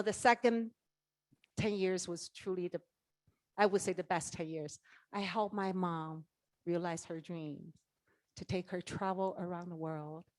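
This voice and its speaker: Animated middle-aged woman giving a motivational talk. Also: on the low side, no echo, clean studio sound. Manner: animated storytelling, acts out dialogue, asks the audience questions. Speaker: network marketing leader giving a keynote. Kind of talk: motivational speech. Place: conference stage.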